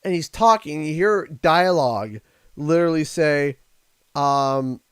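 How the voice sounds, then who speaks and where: A man's voice: a little high, takes it slowly, dry recording. A man chatting casually while livestreaming a game, rambling through stories with lots of laughter. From Canada. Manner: rambling, animated storytelling with frequent laughs. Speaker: gaming livestreamer. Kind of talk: casual chat while playing. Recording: game music clearly audible behind voice. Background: game music playing.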